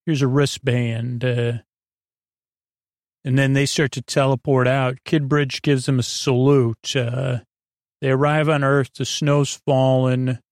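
A man's voice: mid-range voice, flat delivery, slow pace, no echo, clean studio sound. A man hosting a sleep podcast, recapping an episode in a meandering, laid-back way with lots of fillers. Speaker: podcast host.

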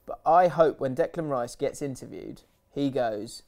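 A man's voice: medium pitch, unhurried, gravelly, a little mellow. A man hosting a casual podcast, chatty and teasing, often mimicking his friends mid-story. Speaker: podcast host. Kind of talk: casual banter.

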